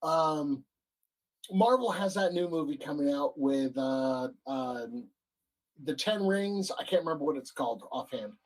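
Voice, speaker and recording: A man co-hosting a casual comic-book chat show, pausing often with ums as he lays out an opinion. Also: fairly high pitch, animated, rough recording. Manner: hesitant, lots of ums. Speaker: podcast co-host.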